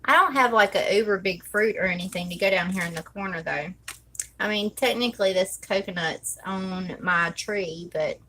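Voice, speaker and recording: A woman's voice: mid-range voice, moderate pace, a bit bright, a little hiss or hum, rough recording. A woman chatting casually while she decorates her planner, thinking aloud and counting under her breath. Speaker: planner vlogger.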